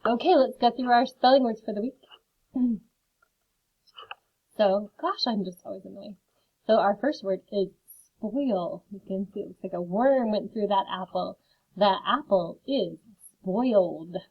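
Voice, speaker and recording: A woman teaching a phonics lesson to children, slowly sounding out word parts. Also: medium pitch, husky. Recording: phone-like narrow sound.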